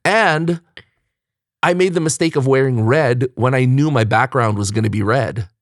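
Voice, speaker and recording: A man hosting a podcast in casual chat, animated and quick to laugh, often jumping up high for emphasis. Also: no echo, clean studio sound. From United States. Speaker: podcast host. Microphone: studio mic.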